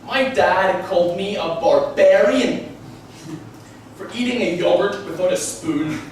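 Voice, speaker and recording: A young man from Belfast with a Belfast accent, doing a stand-up comedy set on stage, talking fast and enthusiastically. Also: high voice, slight background noise. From Northern Ireland. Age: young adult. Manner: quick and enthusiastic. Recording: echoey venue, heard from a distance.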